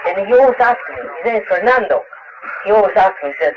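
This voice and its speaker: Man rambling through stories, lots of uh's and restarts, high lively voice, hissy old tape. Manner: halting, many restarts and fillers, laughs often. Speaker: interviewed author. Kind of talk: lecture Q&A, casual storytelling. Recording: dull lo-fi 1960s tape with hiss.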